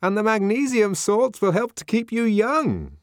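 A man voicing a nervous sightseer who tries to placate with a high, eager voice. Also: big pitch swings, a little slow, dry recording, studio quality. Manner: nervous, ingratiating.

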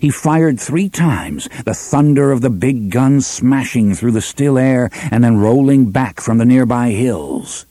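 A man narrating an audiobook in a measured, expressive storytelling manner. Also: mid-range voice, no echo. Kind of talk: scripted narration.

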